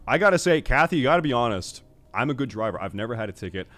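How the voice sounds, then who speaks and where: A young man streaming, ranting casually and profanely to his chat, exasperated and often loud. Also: mid-range voice, sing-song, racing, soft background music.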